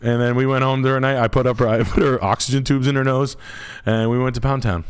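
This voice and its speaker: A man's voice: mid-range voice, fairly even intonation, fast, smooth. A man, a realtor hosting a live stream, telling a long casual story with lots of swearing and trailing off while he hunts for words. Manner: rambling, profane, trails off searching for words.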